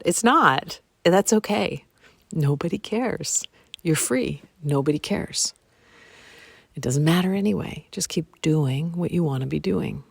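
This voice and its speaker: A woman's voice: low voice, gravelly, dry recording, clean studio sound. A woman hosting her own solo podcast, musing aloud and repeating phrases, sometimes dropping into a whisper. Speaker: podcast host. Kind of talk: reflective solo podcast monologue.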